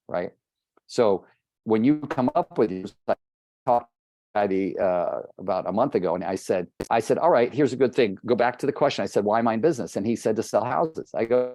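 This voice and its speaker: A man's voice: lowish voice, fairly quick, mellow, no echo. Plain-spoken male coach, dry close sound. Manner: conversational, plain-spoken, addresses listeners by name. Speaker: real estate coach. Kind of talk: live coaching call.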